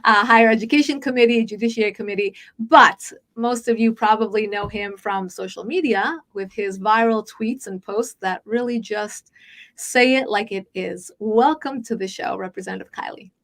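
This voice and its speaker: A woman hosting a podcast interview, talking fast and chatty with many fillers and restarts. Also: medium pitch, a bit bright. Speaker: podcast host. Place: Los Angeles.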